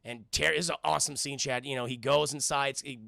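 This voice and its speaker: Gravelly, excitable man recapping for chat. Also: mid-range voice, fast, no room sound, studio quality. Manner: excitable, profane, keeps addressing chat, acts out characters. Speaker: cartoon reviewer streaming to chat. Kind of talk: casual recap to live chat.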